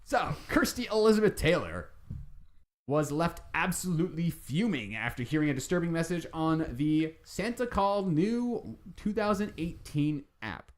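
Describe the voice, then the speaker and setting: A man's voice: a little high, expressive, measured pace. A man co-hosting a podcast, joking dryly in casual chat and reading out news stories. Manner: dry, joking, reads news stories aloud. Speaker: podcast co-host.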